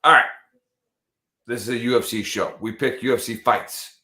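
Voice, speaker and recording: A man with a bright, forceful voice hosts a live show. He jokes and rambles casually with his co-hosts. The sound carries a roomy echo. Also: mid-range voice, fairly even intonation, normal speed. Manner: loose, joking, rambling. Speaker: podcast host.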